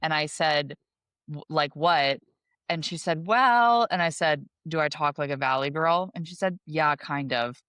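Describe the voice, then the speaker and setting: A woman with a low voice co-hosts a podcast in loose, chatty talk. She tells stories with self-deprecating humor. The sound is dry and close on a studio mic. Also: steady tone, moderate pace, fairly bright tone, smooth, no echo. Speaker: podcast co-host. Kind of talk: casual chat.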